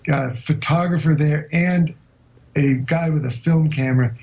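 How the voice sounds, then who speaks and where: A man being interviewed as a guest explorer, telling a long story in a vivid but halting way with many hesitations. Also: fairly high pitch, darkish tone, dull audio. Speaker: guest explorer recounting an expedition.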